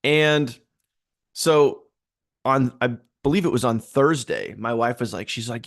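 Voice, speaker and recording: A man's voice: mid-range voice, unhurried. A man hosting a live stream in casual chat, upbeat and rambling, greeting viewers by name. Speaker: livestream host.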